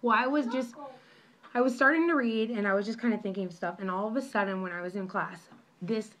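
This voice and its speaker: A woman's voice: mid-range voice, fast talker, a bit bright. A young woman telling a story in a casual vlog, rambling and apologetic with many restarts, recorded on her phone at home. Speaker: vlogger.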